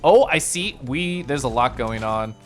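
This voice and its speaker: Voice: medium pitch, lively intonation, unhurried, soft background music. A streamer giving chatty, playful live commentary while playing a game and joking with chat.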